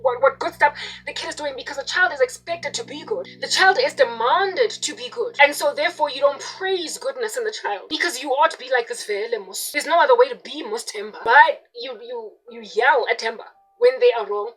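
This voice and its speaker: A woman's voice: high-pitched, lively intonation, brisk, hardly any pauses. South African woman venting her grievances. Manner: candid and aggrieved, jumps to loud mimicked yelling. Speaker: video blogger. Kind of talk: emotional personal monologue.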